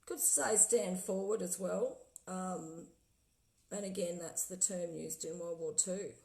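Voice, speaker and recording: A woman vlogger in casual livestream chat who talks excitedly, trails off and laughs often. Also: fairly low pitch, takes it slowly, rough recording. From Australia. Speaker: vlogger playing spirit recordings.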